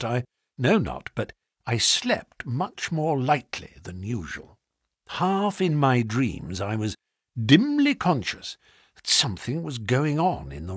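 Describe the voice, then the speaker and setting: A man narrating a classic story as an audiobook, reading in a highly expressive, dramatic way. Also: husky, no room sound, studio quality.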